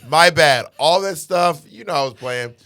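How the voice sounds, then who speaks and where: A man from Alabama hosting a podcast, chatting in an animated, joking way and laughing often. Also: fairly high pitch, normal speed. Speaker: podcast host. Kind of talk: casual chat.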